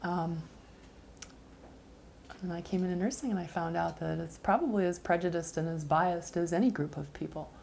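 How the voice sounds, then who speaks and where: A woman's voice: fairly low pitch, normal speed, gravelly, a little mellow, a little hiss or hum. A woman nursing student in a documentary interview, talking candidly and reflectively, with casual asides.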